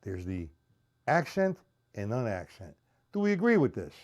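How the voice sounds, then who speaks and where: Guy teaching drums on a live stream, counts it out slow, blunt, voice jumps up and down a lot. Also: lowish voice, huge pitch swings, darkish tone. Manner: blunt, repetitive counting aloud, asks viewers if they understand. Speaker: drum teacher. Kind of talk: live-streamed drum lesson.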